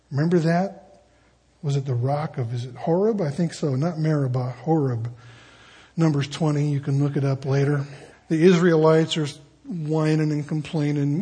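A man's voice: a little high, darkish tone, slightly rough. A man preaching a casual sermon, telling stories and acting out the people in them. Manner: conversational storytelling, acting out quoted voices. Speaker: pastor.

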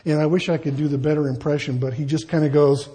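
A man preaching a verse-by-verse sermon as pastor, lively and conversational, full of rhetorical questions. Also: on the high side, quick pace.

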